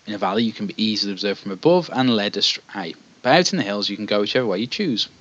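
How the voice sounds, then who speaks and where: A man's voice: fairly low pitch, animated, fast, a bit bright, lo-fi sound. A man playing a text adventure, reading the story aloud and chatting between passages with hesitant asides. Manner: reads the story evenly, then chats with hesitant asides. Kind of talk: let's play, reading game text aloud with commentary.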